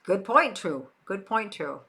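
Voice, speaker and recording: A woman's voice: mid-range voice, very animated, a little slow, gravelly, sharp tone. An older woman from Western New York hosting a livestream, chatting casually with viewers and repeating phrases for emphasis. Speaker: livestream host. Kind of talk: casual chat answering viewers.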